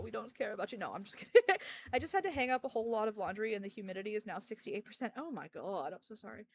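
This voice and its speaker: Woman streamer, casual rambling chat with jokes, high voice, very expressive swings. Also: brisk, dry recording. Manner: rambling, joking, talks to her dogs.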